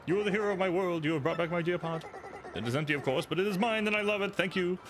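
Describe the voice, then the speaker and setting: A man voicing an overjoyed, emotional male chef in a video game, gushing with excitement. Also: high voice, quick pace, noisy background, pitched above the performer's own voice, close to an everyday voice.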